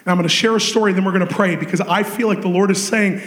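A man with a high voice preaches in an echoey church hall. He tells his story with animated energy, swinging between excited shouts and hushed, intense stretches. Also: rapid-fire. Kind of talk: sermon.

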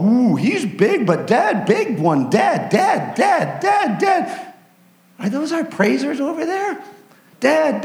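A man acting out excited ancient worshipers who shout and squeal with delight. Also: very high-pitched, echoey room, pitched above the performer's own voice, full character voice. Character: excited ancient praisers, gleeful and giddy.

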